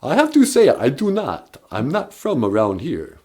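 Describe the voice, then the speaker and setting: A man's voice: medium pitch, wildly swooping pitch, moderate pace, a little mellow, slightly rough, full character voice. A man voicing a courtly vampire count with a put-on Transylvanian accent and stagey laughter. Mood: grandly polite. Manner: grand, stagey, bursts of "ah, ah, ah" laughter. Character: theatrical counting vampire, male, adult, courtly.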